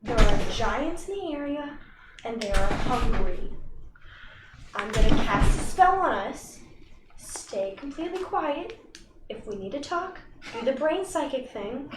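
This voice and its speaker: A woman player speaks in character, urgent and commanding. Her voice sits a little high and comes from away from the mic in an echoey room. Loud noise runs behind her. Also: lively intonation, a little slow, far from the mic. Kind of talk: tabletop role-play in character.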